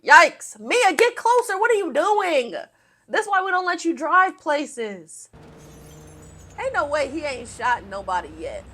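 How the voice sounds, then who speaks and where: A woman's voice: high-pitched, big pitch swings, measured pace, bright, forceful tone. A young woman giving casual reaction commentary to a movie, talking back at the screen with teasing jokes and exclamations.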